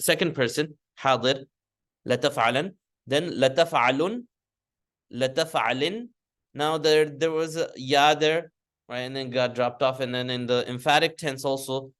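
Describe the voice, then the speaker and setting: An American man teaches a grammar lesson in classroom lecture style, speaking patiently and restating his points often, with many fillers and restarts. His voice is medium-pitched and a bit bright.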